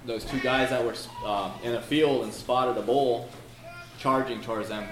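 A man's voice: mid-range voice, fairly even intonation, normal speed. A man preaching a sermon in a folksy, storytelling way, reciting prayers and verses. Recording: echoey room with noise.

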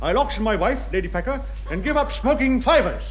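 A man's voice: very high voice, lively intonation, brisk. A man playing a blustering rich yacht-club boss in a 1960s radio comedy, all mock grandeur and cackles. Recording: noisy old radio recording.

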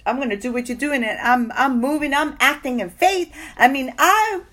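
A woman's voice: sits high, moderate pace. A woman giving a personal faith testimony, telling her story expressively and acting out what people said. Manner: emotional, expressive storytelling with acted-out quotes. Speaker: testimony speaker.

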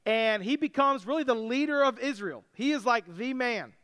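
A man preaching a sermon with a very high voice that is smooth and clear. He retells the story casually and breaks in with jokes, like a pastor talking to his church. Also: normal speed, fairly bright tone. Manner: casual storytelling with joking asides.

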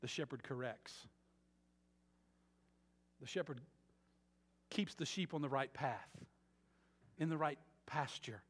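A man preaching a sermon as a pastor, moving between quiet earnest passages and loud emphatic ones. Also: medium pitch, slow pace, pauses often, husky, in a large hall. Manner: dynamic preaching, swings from soft to loud emphatic.

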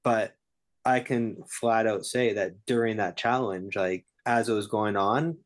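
A man co-hosting a casual podcast chat, his voice sitting a little low. He speaks earnestly and lets his emotions show. He adds his own take to the conversation. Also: measured pace.

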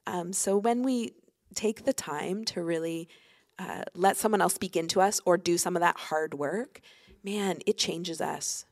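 A woman's voice: fairly low pitch, moderate pace. A woman pastor, a guest on a faith podcast, talking earnestly and reflectively with frequent fillers.

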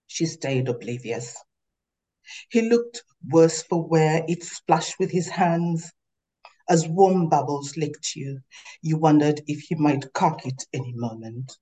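A woman author reading aloud from her novel in a measured, literary way. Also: sits low, dark tone, poor audio.

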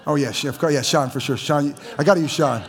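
Gravelly pastor preaching with teasing humor. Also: male voice, on the high side, quick pace, some chatter behind. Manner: conversational, stammering restarts, teasing humor. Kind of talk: sermon. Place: church.

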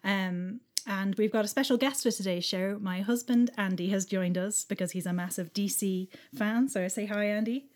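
A woman with a non-regional English accent co-hosts a podcast in relaxed, chatty conversation. Her pitch sits in an ordinary middle range for a woman. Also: moderate pace, few pauses. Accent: English, not regional. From England. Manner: chatty, laughs often. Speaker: podcast co-host. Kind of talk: casual chat.

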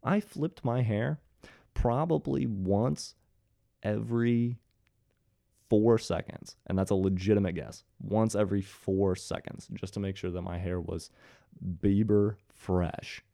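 Deep-voiced man telling a story with jokey asides. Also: slow pace, gravelly, mellow, no echo, clean studio sound. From Ohio, USA. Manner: jokey, sarcastic asides to the audience. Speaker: commentary host. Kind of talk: casual storytelling commentary.

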